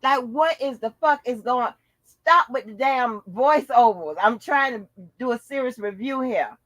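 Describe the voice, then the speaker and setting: A woman's voice: on the high side, animated, a little slow, a bit bright, no echo, rough recording. Giggly, exasperated woman host. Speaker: channel host. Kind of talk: casual reaction chat.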